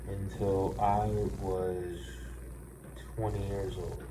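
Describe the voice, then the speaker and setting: A man's voice: low-pitched, flat delivery, very slow. A young man in his twenties telling a profane, rambling personal story, full of "like" and restarts. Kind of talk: casual storytelling. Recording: roomy, distant mic, noisy background.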